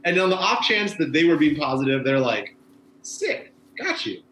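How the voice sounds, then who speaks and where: Fast-talking laid-back man, echoey room. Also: a little high, lively intonation, fairly bright tone, slight background noise. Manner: rambling, laid-back, many fillers like "you know". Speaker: former bike messenger, guest. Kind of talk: casual conversation.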